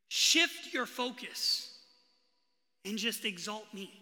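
A male pastor preaching a sermon in a hall with a long, ringing reverb. His voice sits high for a man and sounds very bright and cutting. He swings from forceful emphasis down to hushed, quiet lines. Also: fairly even intonation, slow. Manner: preaching with sudden bursts of emphasis and hushed drops. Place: church hall.

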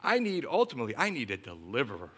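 A man's voice: mid-range voice, huge pitch swings, fast talker, a bit bright. A middle-aged man preaching a sermon as a pastor, emphatic and storytelling.

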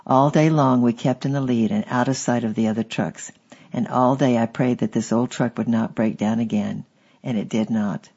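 A man reading a memoir aloud as an audiobook narrator, steady and measured. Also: medium pitch, husky, dull audio.

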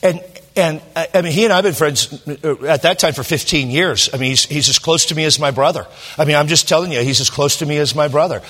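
In a church sanctuary with a big-room sound, a pastor preaches a sermon in a slightly high, fast, somewhat bright voice with a breathy edge. He tells stories conversationally, cracking jokes and restarting often.

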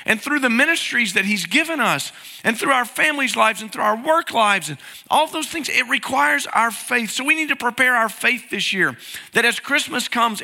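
High-voiced, bright pastor preaching. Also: male voice. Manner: conversational, asks the congregation questions, acts out inner voices. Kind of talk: sermon. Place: church sanctuary. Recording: long hall reverb.

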